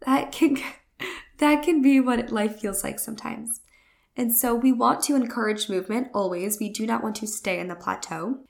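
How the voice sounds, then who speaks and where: A woman's voice: a little high, normal speed, vocal fry. A woman hosting a podcast and giving an earnest, casual spiritual self-development monologue, with frequent "like" fillers. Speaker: podcast host.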